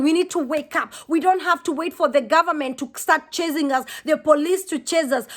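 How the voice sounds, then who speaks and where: A high-pitched woman from Kenya speaks to her viewers in an earnest vlog. She pleads and lectures with deep feeling and says key words twice. Her bright voice keeps pushing. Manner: impassioned, preachy, repeats herself. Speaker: vlogger.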